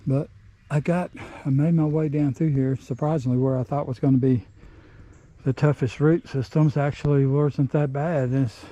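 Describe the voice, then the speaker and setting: A man's voice: mid-range voice, steady tone, warm tone, muffled recording. A middle-aged man out of breath, rambling plainly while he works outdoors in the woods and vlogs. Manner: rambling, plain-spoken, pauses and restarts. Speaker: vlogger. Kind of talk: casual outdoor work vlog.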